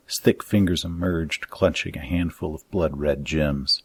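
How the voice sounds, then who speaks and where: A man reading his own dark fantasy story aloud in a measured, even audiobook narration. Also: very deep voice, breathy edge.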